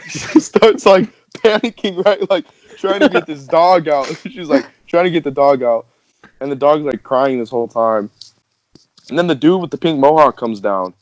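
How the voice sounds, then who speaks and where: A man's voice: on the high side, normal speed, no room sound. A young man telling a story casually on a podcast, rambling with many fillers and laughing as he goes. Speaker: podcast host. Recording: dull, dry podcast audio.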